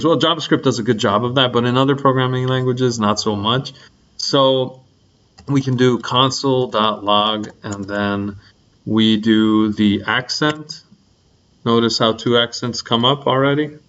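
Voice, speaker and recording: Casual young man teaching code, lo-fi. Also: mid-range voice. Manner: relaxed, rambling, many ums and likes. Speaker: coding instructor. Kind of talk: screencast programming lesson.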